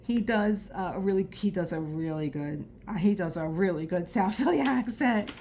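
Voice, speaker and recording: Warm and expressive at a mid-range pitch and moderate pace, a middle-aged South Philly woman from Philadelphia chats casually over her crafting, rambling and laughing often. Slight background noise is audible.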